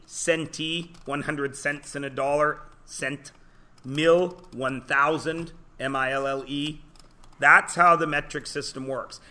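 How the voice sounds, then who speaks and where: Man, teacher lecturing a class, jokey, fairly high, forceful tone. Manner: joking, storytelling, quizzes students.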